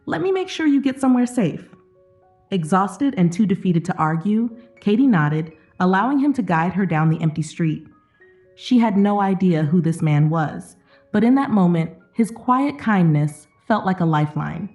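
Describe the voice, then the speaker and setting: A woman tells an emotional drama in a steady, scripted narration, her voice set fairly low. Soft music runs faintly beneath her words. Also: normal speed, lo-fi sound.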